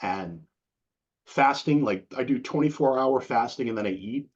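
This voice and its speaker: Man, middle-aged, husky voice, casual rambling interview talk, profane, dull lo-fi sound. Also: mid-range voice, moderate pace, darkish tone. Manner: rambling, profane, says "dude" a lot. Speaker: interview guest. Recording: dull lo-fi recording.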